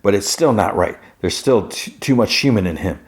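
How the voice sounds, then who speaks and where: A man's voice: lowish voice, animated, moderate pace. A man voicing a smug, eccentric male scientist, talking in a self-important, defensive way. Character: smug eccentric male scientist who builds car people.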